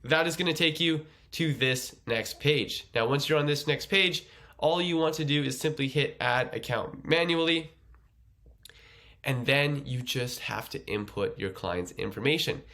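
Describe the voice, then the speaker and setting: A man's voice: medium pitch, measured pace, sharp tone. A man running a casual tutorial, chatty and explaining things step by step. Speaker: agency owner teaching a course.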